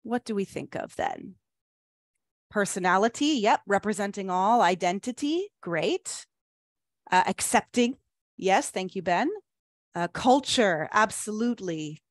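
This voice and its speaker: A woman leads an online teacher-training webinar in an upbeat, encouraging way and reads chat replies back with quick praise. Her voice sits at a middle pitch. The sound is dry and close, from a computer mic. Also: expressive, dry recording. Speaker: webinar presenter.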